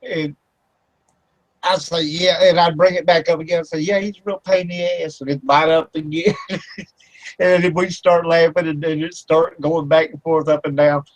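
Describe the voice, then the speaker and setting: A man's voice: fairly high pitch, little pitch movement, moderate pace, no room sound, rough recording. A man hosting an internet radio talk show. He tells a rambling story with lots of fillers and laughter. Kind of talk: casual chat. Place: home studio for internet radio.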